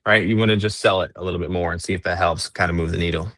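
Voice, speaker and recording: Guy coaching his agents on a call, lowish voice, walks them thru scripts, dry sound. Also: steady tone, very fast, hardly any pauses, fairly bright tone, no room sound. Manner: instructive, acts out sample lines to clients. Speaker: real estate team coach.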